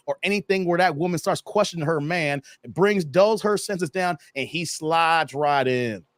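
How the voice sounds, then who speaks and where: Guy hosting a livestream, high voice, laughs a lot, acts out little quotes. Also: no echo. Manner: animated, laughing often, reads out viewer comments. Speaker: host. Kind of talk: casual livestream chat.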